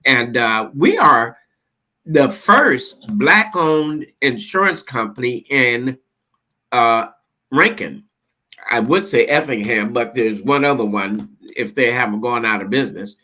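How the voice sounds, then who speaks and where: A man's voice: mid-range voice, lively intonation, takes it slowly, pushed and bright. A man co-hosting a live online talk show who owns an insurance agency, joking and easygoing. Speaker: co-host and insurance agency owner.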